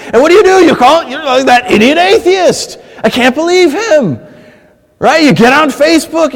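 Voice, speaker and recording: A male pastor delivers a sermon in a fairly high voice. He swings from loud, impassioned stretches to quiet, hushed ones, often stammering as he restarts his sentences. The sound rings with the long reverb of a large hall.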